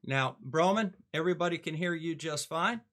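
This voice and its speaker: A man's voice: a little high, moderate pace, fairly bright tone. A man hosting a casual livestream chat from his home, introducing guests with a folksy, joking manner. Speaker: host. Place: home in Northern Michigan.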